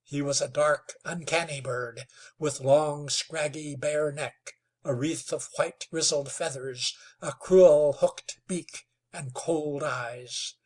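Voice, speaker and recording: A man narrating a western novel in a slow, dramatic storytelling manner. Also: on the high side, fairly even intonation, darkish tone. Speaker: audiobook narrator. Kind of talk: scripted narration.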